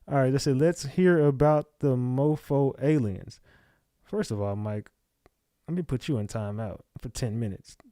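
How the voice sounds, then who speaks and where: A man's voice: mid-range voice, unhurried, dark tone, no room sound, studio quality. A man hosting a livestream, reading chat comments aloud and snapping back at viewers in blunt, profane casual talk. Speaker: livestream host.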